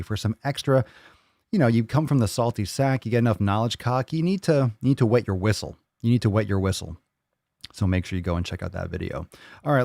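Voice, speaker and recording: A man's voice: lowish voice, a little mellow, no echo, studio quality. A man hosting a fitness livestream in casual chat, playful and loose, swearing and repeating phrases in a sing-song way. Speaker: fitness show host.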